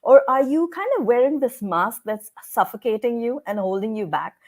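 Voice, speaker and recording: A woman's voice: on the high side, expressive, moderate pace. A woman hosting a podcast who affirms her guest and tells personal stories in conversation. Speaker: podcast host.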